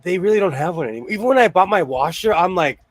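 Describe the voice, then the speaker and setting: A man's voice: high voice, animated, quick pace. A man hosting a casual chat from his home sewing room, a rambling, jokey storyteller. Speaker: host.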